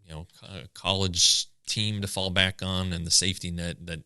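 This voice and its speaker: A man co-hosting a podcast, chatting casually about a pitcher's numbers, with many halting restarts. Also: level tone, sharp tone, clear, resonant tone, no room sound. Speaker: podcast co-host. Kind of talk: casual sports chat.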